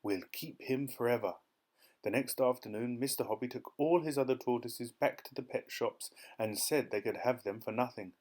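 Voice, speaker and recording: A male audiobook narrator reading a children's story in a lively, expressive way. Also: mid-range voice, moderate pace, hardly any pauses.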